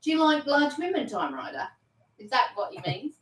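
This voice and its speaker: A woman's voice: high voice, very animated, a little fast, reverberant, slight background noise, low-quality recording. A woman with a Norfolk accent, chatting and teasing as co-host of a live chat. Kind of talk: casual live-stream chat.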